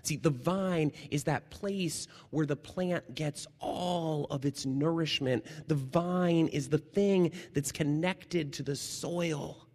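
A man's voice: on the high side, slow pace, hardly any pauses. Man preaching in an echoing hall. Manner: lively, jokey, swings from loud to hushed. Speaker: chaplain and preacher. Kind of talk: sermon. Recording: long hall reverb.

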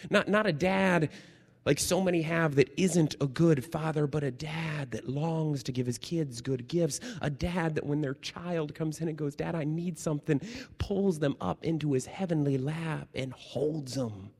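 A man pastor preaching a sermon, telling stories with energy and dropping to hushed, slow tones for emphasis. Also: fairly high pitch, breathy edge, big-room sound.

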